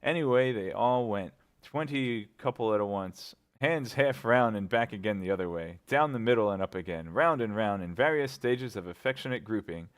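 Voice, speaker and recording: Low-voiced man reading a story aloud. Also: animated, moderate pace, few pauses. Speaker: reader. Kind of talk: reading a classic novel aloud.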